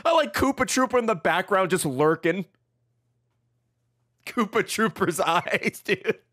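A man streaming a game and giving excitable play-by-play commentary, swearing and laughing often. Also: high-pitched, a little slow. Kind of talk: live-stream gameplay commentary.

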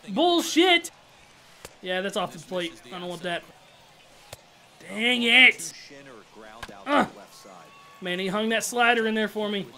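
A young man, commenting excitedly on his own video game at-bats, trash-talking and calling everyone "dog" and "bro". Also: high-pitched. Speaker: gaming channel host.

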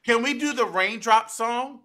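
A woman's voice: on the high side, measured pace, heavy background noise. A woman leading an interactive children's storytime in a library, in a sing-song call-and-response manner that coaxes the children to join in. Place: public library storytime room.

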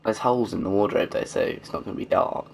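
A man's voice: on the low side, fast, vocal fry, slight background noise. A man casually commenting as he plays a game, swearing and joking to himself. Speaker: gamer. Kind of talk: let's play commentary.

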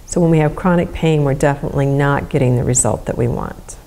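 A middle-aged woman guiding a gentle movement lesson in a soft, soothing, unhurried way. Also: deep voice. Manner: soft, slow, soothing instruction. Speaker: movement educator.

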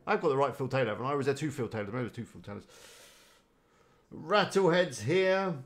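A man's voice: mid-range voice, expressive, fairly quick. A man chatting casually on a live stream, rambling and greeting viewers by name. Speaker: live-streaming website builder.

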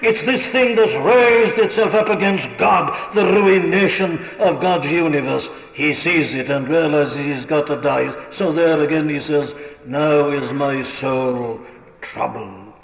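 A man's voice: a little high, measured pace, vocal fry, few pauses. A man preaching a sermon, impassioned and emphatic, who asks question after question and repeats his points. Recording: lo-fi archive recording in an echoey hall.

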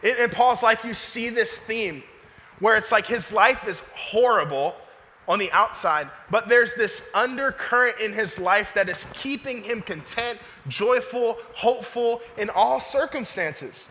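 A man's voice: high-pitched, expressive, a little slow, bright, forceful tone. A young man preaching a sermon in a church, talking casually with slang and asking the congregation rhetorical questions. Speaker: pastor. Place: church sanctuary. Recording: long church hall reverb.

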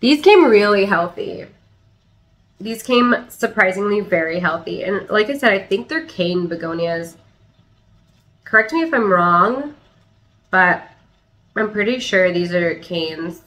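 A young woman chatting excitedly as she unboxes plants, hesitant, with restarts and little laughs. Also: mid-range voice, unhurried, long pauses, low-quality recording. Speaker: plant channel host. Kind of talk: casual unboxing chat.

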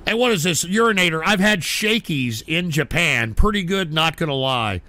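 A man hosting a livestream, short-tempered, swearing and shouting at his viewers. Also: on the high side, animated, moderate pace. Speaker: livestream host. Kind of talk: ranting livestream talk.

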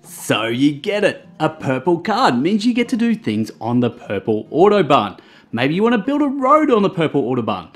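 A man gives a comedic board game review, cracking slangy jokes as he explains the rules. His pitch swings widely from line to line. Faint music plays behind him. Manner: jokey, animated, slangy asides.

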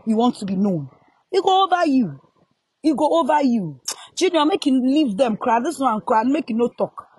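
Angry high-voiced Ghanaian woman ranting. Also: sing-song, moderate pace, darkish tone, slightly rough, no room sound. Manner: angry, scolding, repeats her questions. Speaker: music promoter. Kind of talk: heated live rant.

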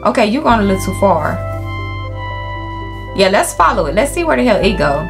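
Young woman gaming host, animated and cussing, faint music behind. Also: mid-range voice, fairly quick, gravelly. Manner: animated, profane, talks to the game animals and viewers. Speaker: gaming YouTuber. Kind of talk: casual let's-play commentary. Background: faint game music.

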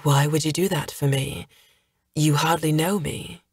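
A woman reading an audiobook gives voice to an anxious young man who halts and restarts as he speaks. His tone sits low and earnest, full of self-doubt. The recording is close and dry, with no room around it. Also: fairly even intonation, darkish tone, breathy edge, dry recording, full character voice. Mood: wary. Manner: hesitant, halting.

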